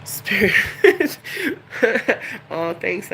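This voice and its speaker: A woman's voice: lowish voice, slow pace, gravelly, fairly bright tone, slight background noise, low-quality recording. A middle-aged woman chatting casually and candidly on a live stream, rambling and emotional. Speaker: YouTuber.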